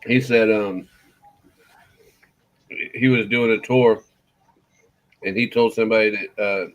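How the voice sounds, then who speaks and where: A man's voice: on the low side, fairly even intonation, slow, muffled recording. A man hosting a morning talk show, chatting casually with many restarts and easy laughter. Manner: rambling, restarts and fond laughter. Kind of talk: casual radio chat.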